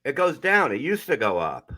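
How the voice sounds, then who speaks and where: A middle-aged man from Staten Island, a podcast co-host telling a profane, animated story in casual chat. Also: medium pitch, moderate pace, dry recording. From Staten Island, New York.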